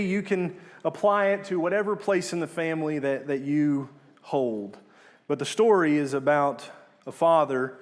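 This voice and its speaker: A young man preaching a sermon in an earnest manner, rising to emphatic peaks and dropping low on key words.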